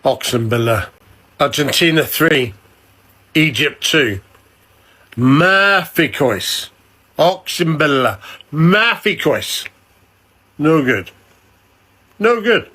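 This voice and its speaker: Man fan, slow drawn-out chanting, lively bright voice. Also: on the high side. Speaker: football fan reacting.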